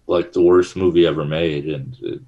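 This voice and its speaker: A man's voice: extremely low pitch, steady tone, moderate pace, darkish tone, highs cut off, a little hiss or hum. A middle-aged man, a guest in an interview, telling stories in a rambling way with many fillers and restarts. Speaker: actor and guest. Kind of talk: casual interview chat.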